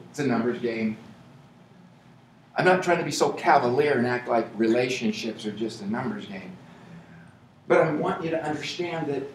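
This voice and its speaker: An American man giving a lively motivational speech at a sales event, punching key points with shouts and humor. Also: medium pitch, recorded from a distance, a little hiss or hum. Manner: energetic, playful, shouts for emphasis. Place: large event hall with audience. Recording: echoey hall, voice from afar.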